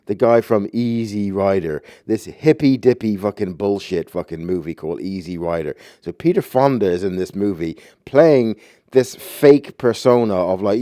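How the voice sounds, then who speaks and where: Low-voiced man in a profane rant. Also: expressive, normal speed, dark tone, no room sound, studio quality. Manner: profane, agitated, rambling. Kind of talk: ranting movie review.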